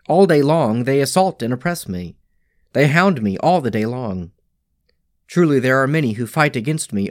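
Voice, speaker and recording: A man reading daily scripture lessons and prayers in a measured, solemn way. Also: medium pitch, no room sound, clean studio sound. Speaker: scripture reader.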